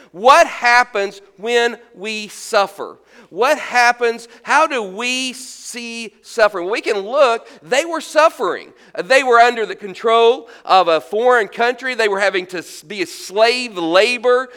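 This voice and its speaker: Pastor guy preaching, smooth clear voice, gets loud then drops real quiet. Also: high-pitched. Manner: dynamic preaching, swinging between loud emphasis and hushed lines. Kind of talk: sermon.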